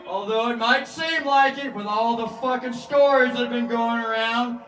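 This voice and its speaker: A man's voice: extremely high pitch, bright, forceful tone. A man in a rambling, profane, free-associating spiritual monologue. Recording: echoey room, far from mic, guitar music.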